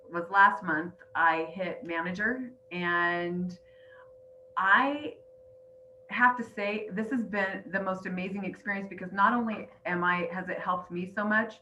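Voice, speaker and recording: A woman's voice: fairly low pitch, bright, forceful tone, dull audio, slight background noise. A middle-aged woman and grandmother earnestly telling her personal story on a group call, teary and emotional. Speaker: weight-loss coach sharing her story. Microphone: online call.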